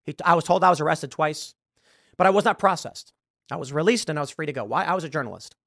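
A man's voice: a little high, quick pace, a bit bright, dry recording. Man telling a story on a podcast, dry sound. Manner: storytelling, acts out dialogue. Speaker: show host. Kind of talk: podcast monologue.

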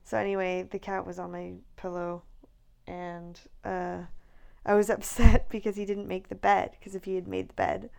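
A pregnant woman in her thirties chatting casually, telling an animated story, acting out quoted lines and laughing often. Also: mid-range voice, normal speed, creaky, clear, resonant tone. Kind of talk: casual chat.

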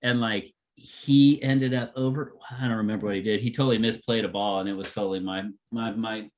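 A man in casual chat, telling rambling stories and getting animated and laughing as he goes. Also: lowish voice, a little fast, a little hiss or hum.

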